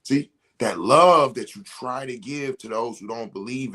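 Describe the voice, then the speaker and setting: A man's voice: medium pitch, a little slow, hardly any pauses, sharp tone. A man leading a motivational spiritual talk, preaching emphatically and speaking straight to his listeners as a ceremony facilitator.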